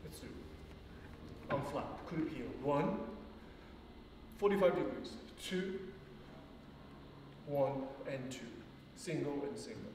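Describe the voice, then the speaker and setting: Guy teaching ballet, counting steps out slow, sounds far off in a big echoey studio, bit of hiss. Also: a little high, expressive, a little mellow. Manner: chatty and encouraging, laughs between counts. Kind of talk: calling out steps and counts in a dance class. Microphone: distant room mic.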